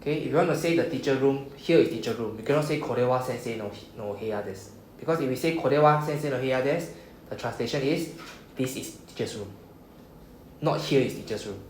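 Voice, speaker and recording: A man's voice: medium pitch, fast talker. A man with a Singaporean English accent teaching a beginner Japanese class in a classroom, checking in often with "okay?" and "right?". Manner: explains patiently, frequent "okay?" and "right?" checks. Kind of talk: classroom lesson. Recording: echoey room, faint background noise.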